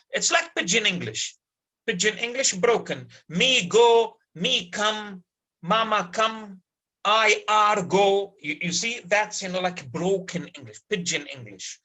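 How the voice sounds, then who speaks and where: Man lecturing, breathy and bright. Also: sits high, poor audio. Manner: repeats key words, checks understanding with the class. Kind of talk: university literature lecture.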